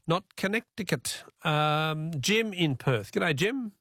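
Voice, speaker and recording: Aussie radio quiz host, gravelly voice, dry studio mic, easygoing and chatty, a bit high. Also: male voice, lively intonation, fairly bright tone, dry recording. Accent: Australian. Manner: easygoing, chatty, reads questions slowly. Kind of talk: talkback radio quiz hosting. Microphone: studio microphone.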